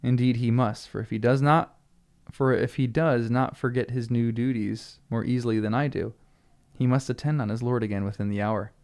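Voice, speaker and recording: Grave old wizard, commanding and measured, gravelly texture; a man reading the part aloud. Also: mid-range voice, steady tone, a little mellow, close to an everyday voice. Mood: solemn.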